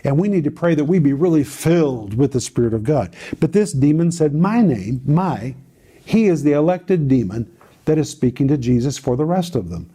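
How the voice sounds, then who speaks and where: A man's voice: fairly high pitch, very animated, normal speed, dark tone, husky. A man teaching on a Bible passage to a co-host, telling it in a dramatic, emphatic way with repeated phrases.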